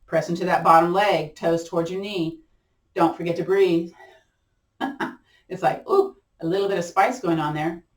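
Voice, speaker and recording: A woman's voice: lowish voice, steady tone, normal speed, far from the mic. Playful woman leading chair yoga. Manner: chatty, playful, encouraging, laughs often. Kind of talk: guided exercise class. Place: room at home. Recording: roomy sound from off-mic.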